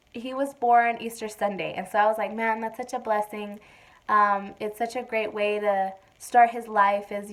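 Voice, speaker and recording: A young woman vlogger casually telling a personal story to the camera, chatty and full of fillers, acting out quotes loudly. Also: mid-range voice.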